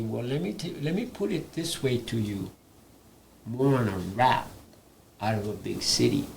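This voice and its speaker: Gravelly older man telling stories. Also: medium pitch, a little hiss or hum. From Hawaii. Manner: animated storyteller who laughs between points. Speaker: guest, indigenous elder and artist. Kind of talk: live panel conversation, storytelling.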